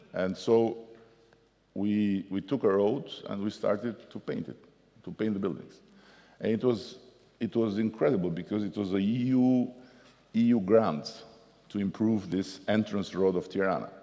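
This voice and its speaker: A man with an Albanian accent, a politician telling lively anecdotes and acting out the people he quotes as a guest at a forum. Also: on the low side, slight background noise. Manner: animated storyteller, acts out the people he quotes. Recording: long reverb of a conference hall.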